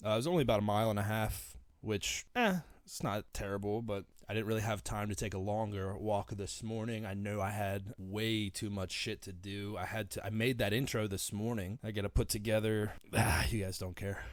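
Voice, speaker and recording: A man's voice: fairly low pitch, steady tone, a little fast, hardly any pauses, no echo, clean studio sound. A young man hosting his own podcast, talking alone in a casual, profane, ranting way. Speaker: podcast host. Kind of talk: solo podcast monologue.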